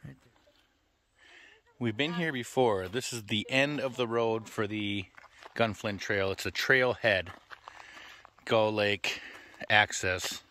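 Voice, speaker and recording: A middle-aged man giving relaxed, chatty tour-guide commentary for a family travel vlog, recorded outdoors on a handheld camera. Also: fairly low pitch, slow. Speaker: family vlogger. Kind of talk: casual travel vlog narration. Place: outdoors on a lake and trails.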